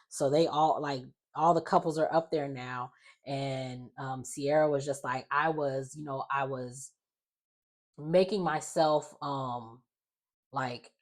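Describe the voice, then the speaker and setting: A young woman recapping a reality show in a casual, rambling way, full of fillers and quoted asides. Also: extremely low pitch.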